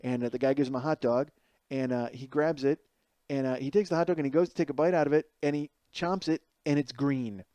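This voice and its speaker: A man's voice: medium pitch, a little fast, no echo. A middle-aged man hosting a podcast, telling a comedic story with lots of swearing and acting out the people he quotes. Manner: profane, animated, acts out quoted people. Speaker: podcast host.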